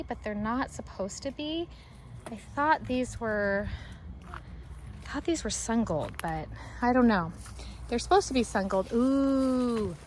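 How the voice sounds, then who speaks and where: A woman giving a casual, chatty walking tour of her vegetable garden outdoors. She talks in an excitable, rambling way. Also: a little high, slight background noise. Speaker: homesteading garden vlogger.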